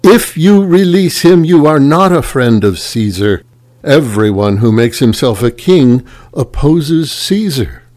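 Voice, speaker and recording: A man reading the lines of an angry crowd of accusers, giving them loud, raised demands. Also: medium pitch, sing-song, slow pace, slightly rough, dry recording, voice pushed up, heavily acted. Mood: insistent.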